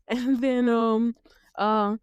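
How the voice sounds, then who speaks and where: A young woman hosting a casual TV recap chat, animated and laughing, acting out lines in playful voices. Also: fairly high pitch, clear, resonant tone, no echo. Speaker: podcast host.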